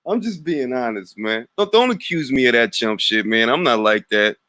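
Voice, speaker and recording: A man's voice: mid-range voice, lively intonation, normal speed, bright, forceful tone, no echo. A man from Harlem with a New York accent, hosting a livestream and mocking a chat commenter with brash street-slang trash talk. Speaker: livestream host. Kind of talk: taunting livestream rant.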